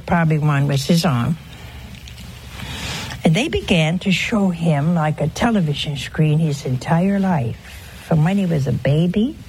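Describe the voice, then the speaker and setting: A woman speaking in an unhurried, measured way, her voice sitting a little low. She talks earnestly and with emphasis, at times dropping to a hushed voice. A faint hiss of noise lies under her speech. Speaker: religious broadcaster. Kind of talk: informal spiritual talk with a story.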